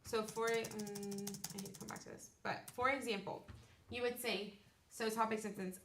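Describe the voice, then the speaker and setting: A woman's voice: mid-range voice, level tone, moderate pace, fairly bright tone, a little hiss or hum. A woman teacher giving a classroom lecture. She explains step by step and keeps checking that the class understands. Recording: roomy, distant classroom recording.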